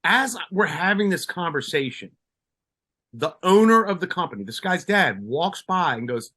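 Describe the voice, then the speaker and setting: A man's voice: high-pitched, very animated, normal speed, bright, forceful tone. A retired police sergeant from Colombia, a man, telling a story in a casual interview, with many restarts and fillers.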